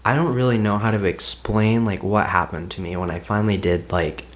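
Young man, very low voice, podcast guest, casual rambling storytelling, constant "like" fillers. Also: fairly even intonation, brisk, a little hiss or hum. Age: young adult. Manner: rambling, heavy use of "like" as filler.

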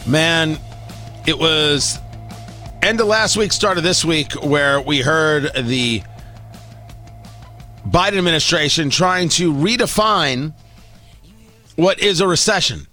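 Sarcastic high-pitched male radio host. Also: slow pace, long pauses, bright, forceful tone, faint music behind. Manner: sarcastic, mocking, exasperated. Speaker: radio talk show host. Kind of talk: talk radio commentary.

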